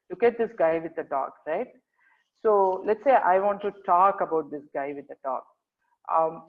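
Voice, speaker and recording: A presenter giving an earnest online career workshop, coaxing listeners and often checking in with a quick question. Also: mid-range voice. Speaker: webinar presenter. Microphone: video call. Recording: tinny video-call audio.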